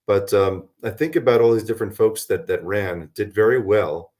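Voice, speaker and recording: A man's voice: lowish voice, moderate pace, a little mellow. A man who is a guest on a talk radio show, his voice worn out, giving a meandering, hesitant debrief with many fillers. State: voice worn from a long night. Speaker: guest, local political organizer. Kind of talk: radio interview, recapping events.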